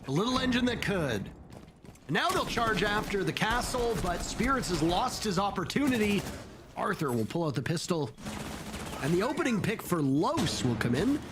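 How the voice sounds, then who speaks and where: Brief: high-voiced male play-by-play caster, lively delivery, noisy booth behind. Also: normal speed. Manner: excitable, rising pitch at big plays. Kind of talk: esports play-by-play commentary.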